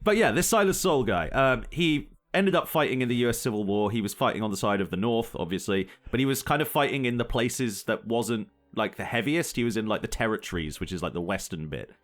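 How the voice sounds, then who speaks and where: A young man co-hosts a casual podcast and tells stories with lively energy. He breaks into laughter often between points. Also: medium pitch, brisk, hardly any pauses. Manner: laughs often, animated storytelling. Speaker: podcast co-host. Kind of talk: casual chat.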